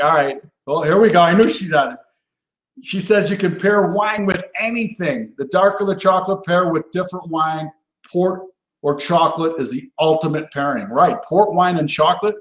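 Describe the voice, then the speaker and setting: Chatty high-voiced male show host. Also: roomy sound. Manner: chatty, repeats "all right?" and "right?" after each point; enthusiastic and animated, gets worked up. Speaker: host of a live cooking show. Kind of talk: casual live-stream chat.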